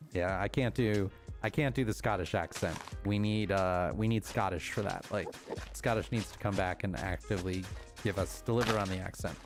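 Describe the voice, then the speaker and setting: While playing a game on a live stream, a man rambles and talks to himself in a casual way, frequently breaking into chuckles. He has a low voice at normal speed, with soft background music playing.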